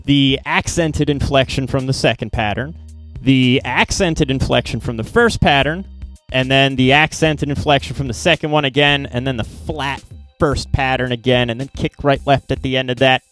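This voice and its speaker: Man, drum teacher, casual instructional talk, mid pitch, low music underneath. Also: moderate pace. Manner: relaxed, plain explaining with small slips.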